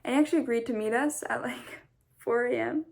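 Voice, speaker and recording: A tired woman vlogger telling a story in a casual, rambling, animated way. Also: on the high side, brisk, creaky. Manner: chatty, rambling, animated retelling.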